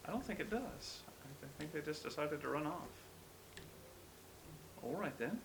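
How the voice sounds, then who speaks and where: Let's-play host, male, wry self-mocking commentary with sudden yelps, game sounds clear behind. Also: a little high, animated, normal speed, noisy background. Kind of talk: gameplay commentary.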